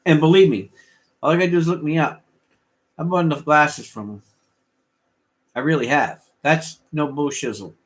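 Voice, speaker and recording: A man's voice: fairly high pitch, moderate pace, long pauses. An older man rambling casually as he hosts a livestream auction and chats with viewers. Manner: rambling, folksy, chatting with viewers.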